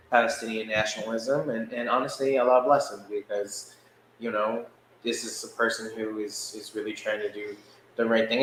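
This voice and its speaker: A man co-hosting a podcast, telling a story in a casual, animated way and laughing as he acts out what others said. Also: lowish voice, slight background noise. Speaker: podcast co-host. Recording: echoey room with faint ambience.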